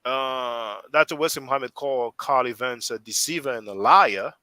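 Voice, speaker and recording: Bright-voiced man with a French accent. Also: mid-range voice, normal speed, clear, resonant tone, no room sound, rough recording. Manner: rambling, restarts often while thinking aloud. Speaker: host. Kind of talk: casual discussion on a live stream.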